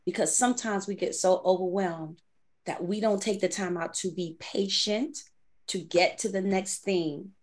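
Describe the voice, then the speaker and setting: Her mid-range voice moves at normal speed. A podcast co-host from the Bronx, New York, she chats casually about faith with animation, acting out exchanges between herself and God.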